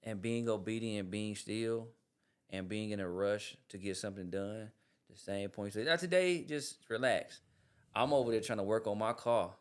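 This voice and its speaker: A man co-hosting a podcast who tells a personal story in an animated way, dropping quiet and then rising loud. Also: lowish voice, moderate pace, clean tone. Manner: animated, swings from hushed to loud. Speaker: podcast co-host. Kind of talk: casual storytelling.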